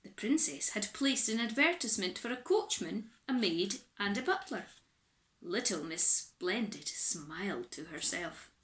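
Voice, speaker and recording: A woman reading a children's picture book aloud in an animated, expressive way, recorded in an echoey room. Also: medium pitch, unhurried. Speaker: storyteller.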